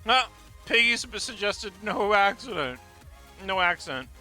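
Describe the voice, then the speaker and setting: A man hosting a casual live stream, with a high, very bright voice. He jokes around and laughs often with friends, and faint music sits behind him. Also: lively intonation, a little slow. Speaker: streamer host.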